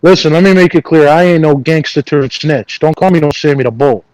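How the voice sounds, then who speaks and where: A man's voice: on the high side, a little fast, over a noisy crowd, rough recording. A man in his twenties calling in on a phone, boasting and joking, cutting in with "listen" and "hold on". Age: 20s. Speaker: caller. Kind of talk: joking call-in banter.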